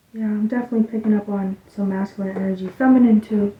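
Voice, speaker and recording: A woman giving a casual spiritual card reading, rambling loosely and dropping into soft muttered asides. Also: medium pitch, steady tone, fast, hardly any pauses. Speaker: tarot reader. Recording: tinny, phone-like sound in an echoey room.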